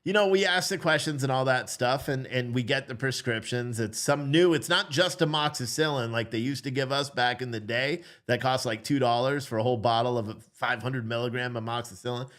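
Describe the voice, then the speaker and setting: Dad vlogging a story, blunt, swears a bit, does the voices of everybody in it. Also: male voice, medium pitch, brisk, hardly any pauses. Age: adult father. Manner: animated, acts out voices in his story. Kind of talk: casual storytelling.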